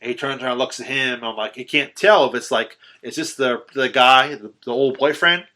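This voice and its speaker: A podcast host excitedly recaps the ending of a horror film in loose, profanity-filled conversation, with lots of ums and restarts. He speaks at a medium pitch and a moderate pace, animated and swearing freely.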